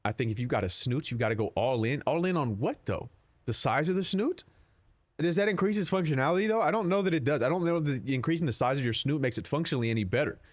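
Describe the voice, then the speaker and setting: A man's voice: medium pitch, fast, dry recording. A young man streaming live, chatting casually with his viewers in a rambling, profane, joking way. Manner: rambling, profane, jokey, answers chat.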